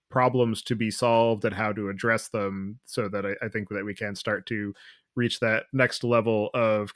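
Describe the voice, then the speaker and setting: A man hosting a tech interview podcast, asking long, measured questions. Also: fairly low pitch, fairly bright tone, no echo, clean studio sound. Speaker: podcast host. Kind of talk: interview host.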